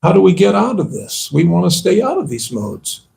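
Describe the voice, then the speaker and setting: A man's voice: high voice, huge pitch swings, normal speed, gravelly, mellow, a little hiss or hum. A man, a monk, giving a conversational sermon at a temple and asking his listeners rhetorical questions. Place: temple hall.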